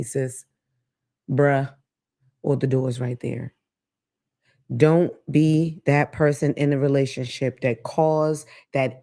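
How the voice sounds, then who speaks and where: A woman hosting her own talk show, ranting casually with blunt, profane commentary. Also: a bass voice. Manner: blunt, profane, animated rants. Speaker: podcast host.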